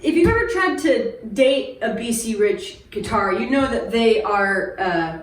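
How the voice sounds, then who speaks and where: A woman's voice: a little high, expressive, measured pace, far from the mic. A woman in her thirties hosting a casual product demo in a music shop, joking and poking fun at herself. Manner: joking, self-deprecating. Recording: roomy shop, voice away from mic. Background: guitar playing.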